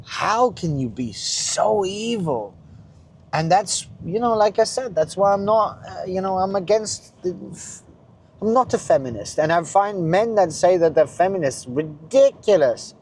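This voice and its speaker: A middle-aged man ranting in a blunt, profane monologue, swinging between loud outbursts and muttering. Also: high voice, expressive, unhurried, a little hiss or hum. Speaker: vlogger.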